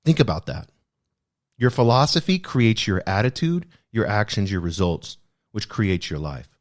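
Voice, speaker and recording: A male podcast host with a lowish voice discusses a self-help book earnestly and reflectively, repeating key phrases for emphasis. He speaks at a moderate pace with lively intonation.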